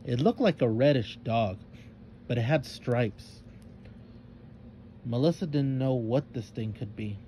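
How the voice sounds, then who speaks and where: A man reading a children's story aloud in a calm, measured narrating voice. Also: mid-range voice, slight background noise.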